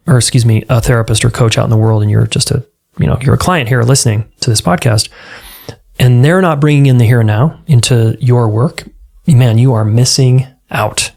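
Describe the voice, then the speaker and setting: A man's voice: mid-range voice, vocal fry, darkish tone. A man hosting his own podcast as a relationship coach, talking earnestly and conversationally and acting out exchanges with clients. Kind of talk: solo podcast talk.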